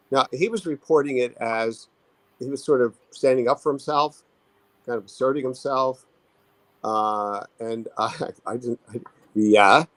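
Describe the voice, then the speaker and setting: A male therapist talking through his ideas in a halting, thoughtful way, full of restarts. His voice sits in an ordinary middle register. The sound is close and dry, with no room around it. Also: medium pitch, fairly bright tone, dry recording, poor audio. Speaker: therapist and author, interview guest. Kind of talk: conversational expert interview.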